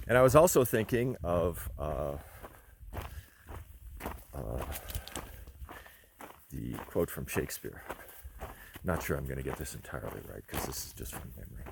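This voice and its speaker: A man hiking outdoors and talking into his camera, rambling and reflective with lots of pauses and fillers. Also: very deep voice, animated, creaky, a little hiss or hum. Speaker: long-distance hiker vlogging. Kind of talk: casual spoken trail diary.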